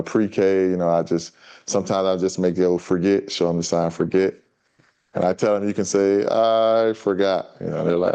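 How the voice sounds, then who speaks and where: A man reading a children's story and teaching signs to an audience in a relaxed, chatty way. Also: sits low, vocal fry, clean tone. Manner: relaxed, chatty teaching talk with many fillers. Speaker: guest sign language teacher.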